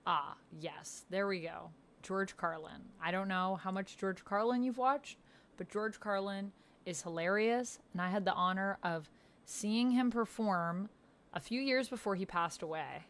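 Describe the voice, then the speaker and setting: Girl streaming from home, chatty and giggly, voice shoots way up when she's surprised. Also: a little slow. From Canada. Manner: bubbly and rambling, reads chat aloud, laughs often; pitch leaps up when surprised. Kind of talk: casual live-stream chat.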